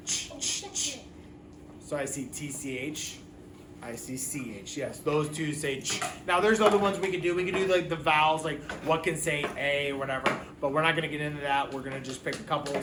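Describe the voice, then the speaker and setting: A man teaching a phonics lesson, patiently sounding out letters for children. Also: on the high side. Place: classroom. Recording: echoey room, mic far off, background noise.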